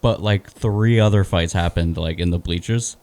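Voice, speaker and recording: A man's voice: sits low, moderate pace, a little mellow. A man co-hosting a podcast, talking in a laid-back, rambling way. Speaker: podcast co-host. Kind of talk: casual chat.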